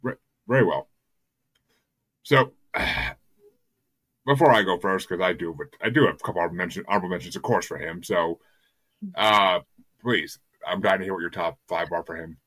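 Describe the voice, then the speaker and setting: Deep, bright-toned male podcast host. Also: a little fast, pauses often, no echo. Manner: rambling and enthusiastic, stumbles over repeated words. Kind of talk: casual podcast chat.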